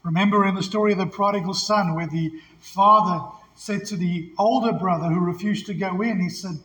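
A pastor preaches in a high, ringing voice. He leans hard on key phrases and prompts his congregation to answer back. Long reverb from the church sanctuary hangs behind every line. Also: fairly quick, bright, forceful tone. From South Africa. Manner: call-and-response, emphatic, laughs easily. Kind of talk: sermon.

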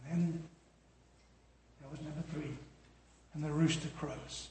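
A man's voice: a little high, steady tone, a little slow, a little mellow, slight background noise. A man preaching a sermon in a storytelling way, with dramatic drops in volume. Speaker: pastor. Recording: echoey hall reverb.

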